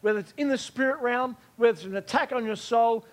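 High-voiced emphatic male preacher. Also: fast talker. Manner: emphatic, repeats key phrases, checks in with listeners. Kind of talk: sermon.

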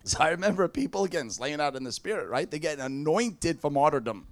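High-voiced man telling a sermon story. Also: fast. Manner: animated, laughing storyteller who mimics people. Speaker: preacher.

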